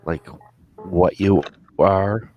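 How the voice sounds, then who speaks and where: A man's voice: deep voice, steady tone, very slow, muffled recording, a little hiss or hum. A man playing in a tabletop role-playing game, hesitantly thinking aloud about his next move. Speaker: player. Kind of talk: tabletop role-play, casual chat.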